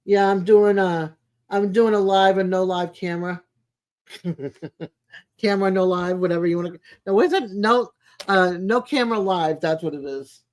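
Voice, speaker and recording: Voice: medium pitch, steady tone, unhurried. An adult live streamer in casual, rambling chat, greeting viewers by name and making homey small talk with plenty of fillers. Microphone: home streaming mic, no camera.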